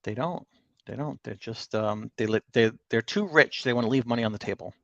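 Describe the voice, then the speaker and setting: A man hosts a casual livestream, chatting and joking as he reads out viewer comments. His voice sits at a mid pitch. The sound is dry and a little dull, like a modest lo-fi mic. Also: brisk, vocal fry, no room sound. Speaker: livestream co-host.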